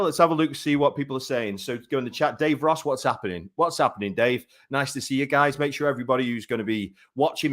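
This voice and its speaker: A man's voice: medium pitch, a bit bright. A man in his thirties hosting a live boxing talk show, chatty and rambling with many fillers. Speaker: boxing show host and commentator.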